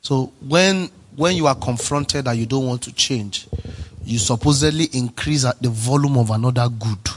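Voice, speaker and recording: A male pastor preaching a sermon, emphatic and repetitive, swinging from soft to near-shouting. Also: medium pitch, moderate pace, a little hiss or hum.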